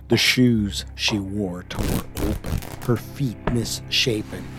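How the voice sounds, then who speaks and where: Slow, low-voiced man reading horror. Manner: slow and measured, often dropping to a hushed whisper. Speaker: narrator. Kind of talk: scripted horror story narration. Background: music.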